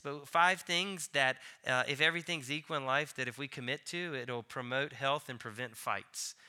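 A man in his thirties preaching a sermon, telling a family story with soft asides and loud emphatic peaks. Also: on the high side, clean tone. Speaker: pastor.

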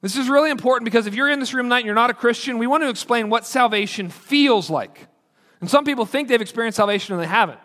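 A man's voice: very high voice, fast talker, bright, forceful tone. A man preaching a sermon to a congregation in an earnest, conversational way, acting out quoted lines. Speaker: pastor. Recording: long hall reverb.

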